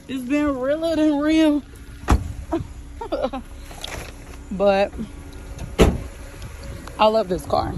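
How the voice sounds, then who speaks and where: A young woman vlogging outdoors beside a car, talking to her viewers on a phone camera. Her voice sits fairly high and she speaks slowly, repeating her phrases. Faint outdoor noise runs under her. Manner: chatty, repeats phrases, addresses viewers as y'all. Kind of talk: casual vlog chat to viewers.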